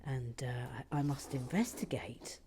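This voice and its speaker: A woman hosting a building video, chatting casually and self-mockingly, often dropping into a hushed whisper and stumbling over words. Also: a bass voice, measured pace, slight background noise. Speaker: host of a brick-building channel. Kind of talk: casual chat while building.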